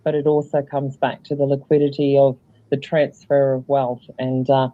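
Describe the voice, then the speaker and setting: A man talks as a guest in an easygoing chat, circling his points with fillers and restarts. His voice sits at an ordinary pitch. The recording sounds dull and lo-fi. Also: monotone, normal speed. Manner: rambling, hesitant with many fillers. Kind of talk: casual chat.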